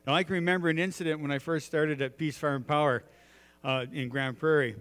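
A man's voice: a little high, fairly even intonation, a little fast, a bit bright, smooth, in a large hall. A middle-aged man, preaching a sermon in a folksy storytelling way with many filler words.

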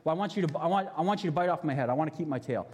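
A man's voice: on the high side, rapid-fire, a little mellow, husky. Cheeky little monkey bargaining, stumbly, a man telling it, echoey hall. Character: cheeky little male monkey, playful and disobedient. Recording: long hall reverb.

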